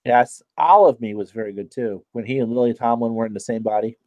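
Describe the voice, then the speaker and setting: A man joining a casual chat as a guest, relaxed and brief in his replies. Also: medium pitch, fairly quick, no room sound, highs cut off.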